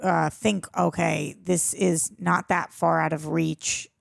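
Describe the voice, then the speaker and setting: Giggly woman with a creaky voice. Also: low voice, little pitch movement, slow, dry recording. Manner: giggly, repeats a running joke, often laughs mid-sentence. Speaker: co-host of a movie reaction show. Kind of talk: casual chat reading movie trivia.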